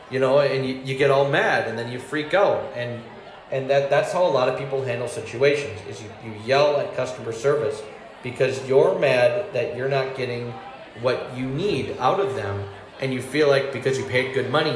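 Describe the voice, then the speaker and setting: A man's voice: mid-range voice, normal speed. Man, stand-up comedy, rambling delivery, laughs at own jokes, roomy recording, faint hiss. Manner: acts out angry and sweet customer voices. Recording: roomy ambience with faint noise.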